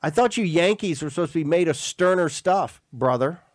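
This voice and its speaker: A man's voice: on the high side, expressive, normal speed, a little hiss or hum. A man hosting a political talk radio show, emphatic and rambling, often repeating and restarting words.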